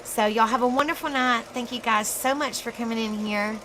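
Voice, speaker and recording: A woman with a Southern US accent hosting a casual live stream, chatty and laughing at herself often, in a dark room. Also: fairly high pitch, fairly even intonation, normal speed, a little hiss or hum, rough recording. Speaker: livestream host.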